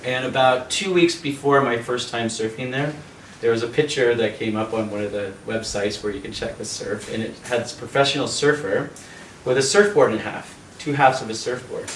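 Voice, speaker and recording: A man from Canada tells a lively story on a video call, laughing often and acting out voices. He sits back from the mic in a roomy space, with faint hiss underneath. His pitch sits in the middle range. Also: normal speed, recorded from a distance. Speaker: yoga teacher and host.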